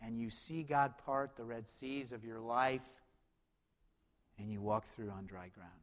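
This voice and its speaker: A man preaching a sermon, swinging between loud, urgent stretches and low, quiet emphasis. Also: a little slow. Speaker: pastor. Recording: long hall reverb.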